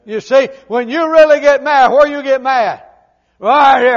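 An older man preaching a humorous, folksy sermon, swinging from loud emphatic lines to quiet low asides. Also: a little slow, muffled recording.

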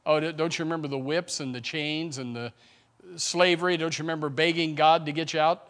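A middle-aged man preaching a sermon in a church, animated, acting out grumbling voices and calling out to the congregation. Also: a little high, fairly quick. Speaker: pastor. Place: church sanctuary.

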